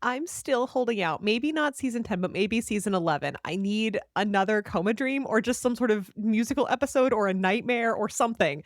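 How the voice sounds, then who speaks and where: A woman's voice: on the high side, expressive, a little fast, hardly any pauses, no room sound, clean studio sound. A woman co-hosting a podcast, chatting playfully about a TV episode and laughing often. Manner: playful, laughing, affectionate asides. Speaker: podcast co-host. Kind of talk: casual recap chat.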